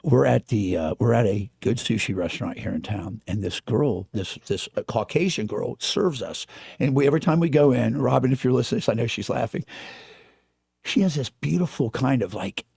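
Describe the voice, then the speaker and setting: A man co-hosting talk radio, chatty and animated as he tells a story. His voice is raspy with a gravelly edge and swings up and down a lot, recorded dry and close in a studio. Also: medium pitch, normal speed, no room sound. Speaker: radio co-host. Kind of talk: casual talk radio banter.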